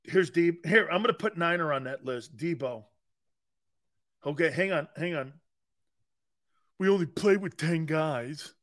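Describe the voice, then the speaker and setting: This male sports talk show host has a fairly high pitch and talks a little slowly, leaving long pauses. He banters with live chat in a teasing, sarcastic way, laughing often. His delivery is animated, and he keeps repeating words and restarting his sentences.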